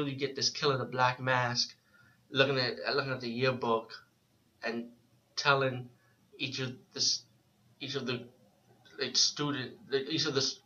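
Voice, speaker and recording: A man's voice: mid-range voice, sharp tone. A man giving a casual, rambling spoken movie review, often restarting his sentences and using filler words. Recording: dull lo-fi recording.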